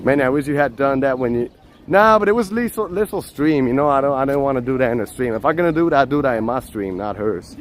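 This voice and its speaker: A man live-streaming as he walks a city street outdoors, chatting to viewers in a relaxed way and laughing often, on a handheld phone. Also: mid-range voice, fast, few pauses, a little hiss or hum. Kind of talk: walking live-stream chat.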